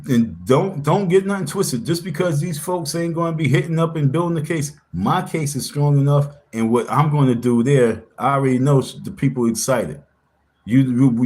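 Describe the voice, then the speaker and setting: A man's voice: medium pitch, moderate pace, darkish tone. A man hosting a casual livestream, talking in an insistent, confrontational way and repeating himself for emphasis. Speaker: livestream host.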